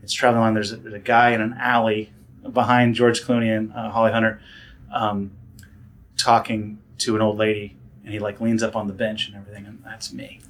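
A man telling stories in a casual interview, animated and full of fillers and restarts, often acting out other people's voices. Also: lowish voice, a little fast. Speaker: guest, director and actor.

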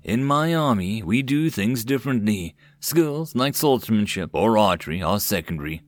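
A man voicing a calm, confident young male lord who speaks directly. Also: lowish voice, normal speed, natural voice.

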